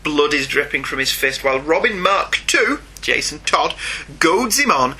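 A man's voice: on the high side, sing-song, moderate pace, bright, forceful tone, breathy edge. A man co-hosting a casual podcast, chatting and reading listener emails aloud. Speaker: podcast co-host. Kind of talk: casual chat.

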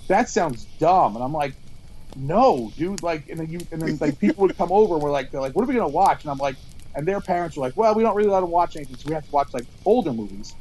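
A man's voice: a little high, lively intonation, quick pace, dark tone, slight background noise, low-quality recording. A man co-hosting a podcast outdoors at a campfire, telling rambling stories, swearing and acting out quotes. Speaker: podcast co-host. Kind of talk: casual storytelling chat.

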